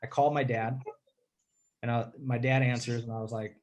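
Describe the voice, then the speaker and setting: A man telling a personal story in a casual interview, candid and rambling, often clearing his throat and saying "dude". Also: mid-range voice, steady tone, moderate pace.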